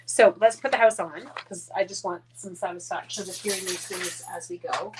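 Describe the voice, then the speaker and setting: A woman's voice: fairly low pitch, steady tone, moderate pace, background noise. A woman from Canada chatting casually through a live-stream craft demo, rambling, muttering asides under her breath and talking to her dogs. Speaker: card-making demonstrator.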